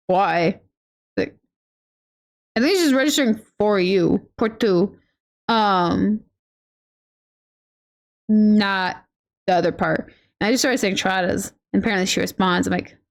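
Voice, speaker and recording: A woman streaming a game and chatting casually, rambling through playful stories with lots of fillers and a giggly, affectionate manner. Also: medium pitch. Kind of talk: casual gameplay chat.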